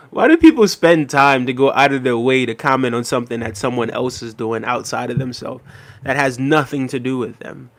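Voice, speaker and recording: A man from Jamaica runs a live stream, voicing viewers' comments and responding with relaxed chatter sprinkled with "um" and "you know what I mean". He has a mid-range voice and a moderate pace.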